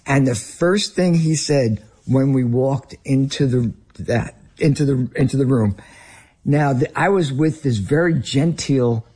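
A man's voice: mid-range voice, unhurried, warm tone, breathy edge. A man with a Northern US accent, a ministry leader and guest, telling an earnest story in conversation. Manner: earnest anecdotal, some restarts.

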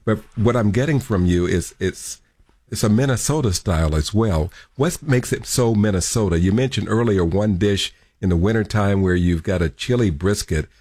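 A man's voice: lowish voice, darkish tone, no room sound. A man hosting a radio show, interviewing a guest with chatty broadcast-style questions.

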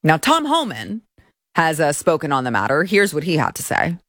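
Woman commentary host, lower voice, sarcastic and indignant, dry close sound. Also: huge pitch swings, normal speed, fairly bright tone, dry recording. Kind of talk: opinionated political commentary.

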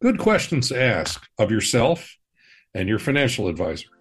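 A man hosting a money podcast, explaining personal finance in a measured, reassuring way. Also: mid-range voice, wildly swooping pitch, breathy edge, faint music behind. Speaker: financial advisor, podcast host. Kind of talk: scripted personal-finance talk.

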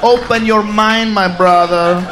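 High-voiced man shouting a stand-up rant. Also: steady tone, unhurried. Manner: rowdy, profane, shouting rants. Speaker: stand-up comedian. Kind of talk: stand-up comedy set. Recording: live club with crowd and noise.

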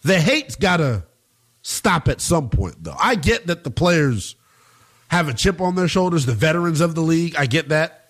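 A man's voice: a little high, very animated, normal speed, a bit bright. A middle-aged man hosting sports talk radio, opinionated, emphatic and blunt, with slangy asides.

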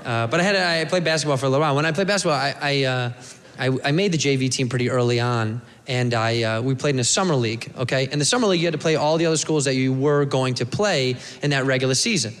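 A man's voice: medium pitch, fast talker, fairly bright tone. A man in his thirties telling a rambling stand-up story on stage, slipping into voices for the people in it. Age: 30s. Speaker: stand-up comedian. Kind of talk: stand-up comedy set. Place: comedy club stage. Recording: live club recording with hall reverb, crowd and noise. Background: laughing audience.

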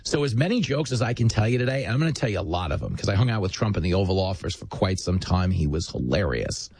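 A man's voice: low voice, expressive, fast, a little mellow, husky, dry recording. A man hosting a talk show, delivering an emphatic, sardonic political monologue into a studio microphone.

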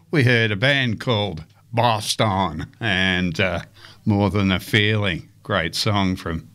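Slow, easygoing radio presenter. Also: male voice, lowish voice, fairly bright tone. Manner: unhurried, many fillers and hesitations. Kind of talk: casual radio links between songs.

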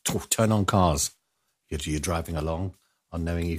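A man with a fairly low voice hosts a casual news commentary. He rambles from point to point, drops jokey asides and often lets his words sink into a murmur. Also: moderate pace.

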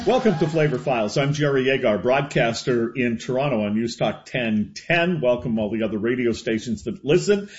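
A man hosting a casual radio show, joking in a relaxed way with his co-host. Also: medium pitch, normal speed, few pauses, slight background noise. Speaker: host, broadcaster. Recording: muffled lo-fi radio audio.

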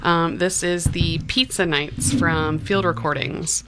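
A woman presenting a wine in a casual chat, pausing often with ums. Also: on the low side, fairly even intonation, over loud music. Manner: hesitant, many ums. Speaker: wine guest.

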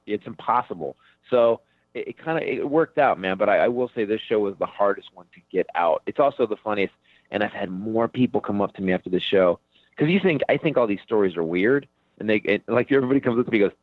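A man's voice: fairly low pitch, expressive, fast, no echo. A man, a comedian, talking frankly and rambling in a casual interview, full of "dude" and "man". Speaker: comedian guest. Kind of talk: casual radio interview over the phone. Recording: tinny phone line.

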